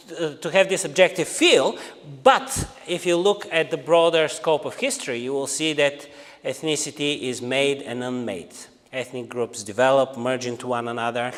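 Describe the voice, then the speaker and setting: A man with a Bulgarian accent lectures to a room, pausing often on filler sounds as he works through his points. His voice sits a little high for a man. The sound carries a long hall reverb. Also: fairly bright tone. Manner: hesitant, frequent filler sounds. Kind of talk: academic lecture.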